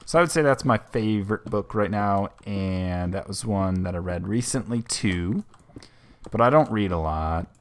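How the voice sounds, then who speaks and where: A young man with a very low voice chats while playing a video game, answering questions as they come. He rambles and corrects himself midway through sentences in a relaxed, unhurried manner. Keyboard typing can be heard behind him. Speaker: host. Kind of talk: casual gaming commentary.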